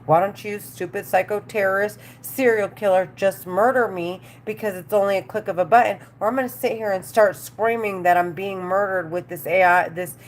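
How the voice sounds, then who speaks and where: Woman, livestream monologue, angry and profane, rambling delivery, mid-pitched voice. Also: fairly even intonation, normal speed, hardly any pauses, slight background noise. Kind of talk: agitated monologue to camera.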